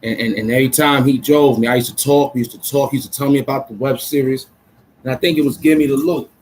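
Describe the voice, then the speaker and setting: An adult man from Brooklyn, chatting casually on a livestream in an excitable, rambling way full of street slang. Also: mid-range voice, fast talker, slight background noise, low-quality recording. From Brooklyn, New York. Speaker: vlogger.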